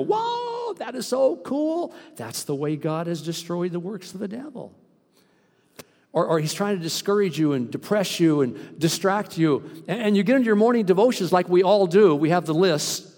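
A man preaching a sermon as pastor, animated and acting out the voices he quotes. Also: a little high. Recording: long reverb from a hall.

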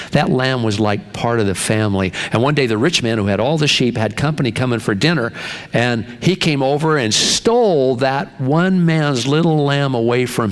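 Older male pastor, folksy conversational sermon delivery, lots of restarts. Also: medium pitch.

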